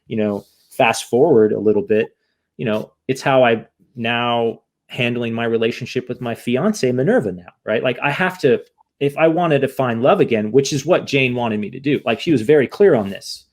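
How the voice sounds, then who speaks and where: A man's voice: medium pitch, normal speed. A man from the United States, a podcast guest, speaking candidly and rambling with many restarts in an emotional interview.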